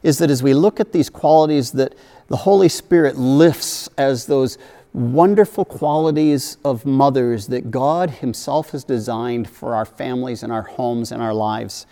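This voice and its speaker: A man's voice: mid-range voice, measured pace. Earnest male preacher in a reverberant hall. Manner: gentle, earnest preaching with soft dips and lively acted quotes. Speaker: pastor. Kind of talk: sermon. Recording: long reverb of a large hall.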